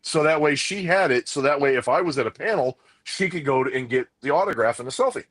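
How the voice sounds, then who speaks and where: A man's voice: mid-range voice, fast talker, no echo. Man telling a rambling convention story. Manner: rambling, excited anecdote with quoted dialogue. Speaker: podcast co-host. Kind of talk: casual chat, animated storytelling.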